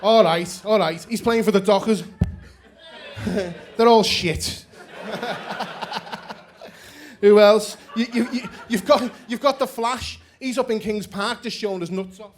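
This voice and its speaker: A man's voice: sits high, measured pace, pauses often, a little hiss or hum. A young Australian man doing a crude, rambling stand-up set and laughing at his own jokes. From Perth, Australia. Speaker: stand-up comedian. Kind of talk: stand-up set and backstage chat.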